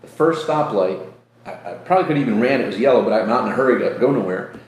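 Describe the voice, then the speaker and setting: Animated and fast, with a medium-pitched voice, the host tells heartfelt personal stories during a casual faith talk, acting out the quoted voices. Originally from New York State, he's recorded in an echoey room near a beach with faint ambient sound.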